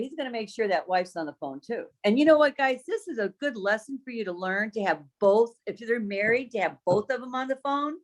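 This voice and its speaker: A woman tells a story in a casual, chatty way. Her voice sits a bit high and swoops up and down a lot. She laughs often and slips into the voices of the people she quotes. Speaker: guest sharing her business story.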